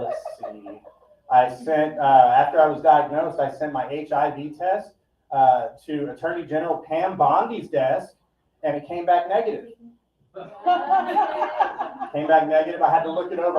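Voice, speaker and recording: A man doing a stand-up set at a live comedy event, with a deadpan, profane, rambling delivery. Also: a little high, moderate pace. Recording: echoey, distant, dull live recording.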